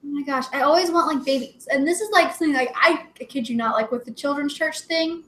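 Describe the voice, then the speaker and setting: A woman's voice: high voice, quick pace, fairly bright tone. A young woman chatting casually as a livestream co-host, giggly and rambling with lots of "like" fillers. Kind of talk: casual chat. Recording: roomy echo.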